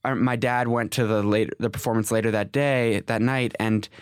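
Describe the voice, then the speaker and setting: A man in his twenties, an actor, telling stories from his career in a casual interview, rambling and animated, with many restarts and self-corrections. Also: fairly low pitch, moderate pace, clear, resonant tone, dry recording, clean studio sound. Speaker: actor, guest.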